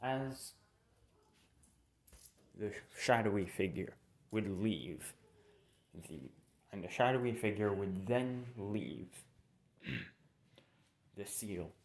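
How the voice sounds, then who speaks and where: A man's voice: on the low side, animated, drawn-out words, pauses often. A young man casually narrating a fan story, rambling and correcting himself with informal asides. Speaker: channel narrator.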